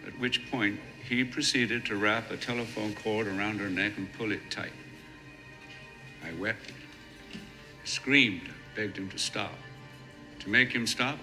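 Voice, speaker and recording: An actor playing a composed middle-aged chef, telling a grim story in a measured, deadpan way. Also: male voice, on the low side, rough recording. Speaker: chef character in a film.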